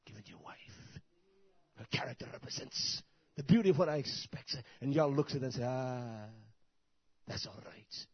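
A husky-voiced man preaching in a fiery sermon style, swinging between quiet, almost whispered asides and loud climbing shouts. The recording is dull and lo-fi, with a dry, close sound. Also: medium pitch, expressive, a little fast, no echo. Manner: preaching in bursts, rising to loud shouts and dropping to soft asides.

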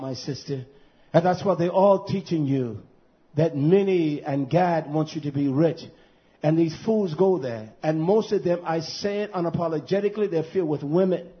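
A man preaching a fiery sermon, swinging from loud, rhythmic, "uh"-punctuated shouting to low, quiet talk. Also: lo-fi sound. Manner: preaching with rhythmic "uh" fillers, rising to shouts then dropping low.

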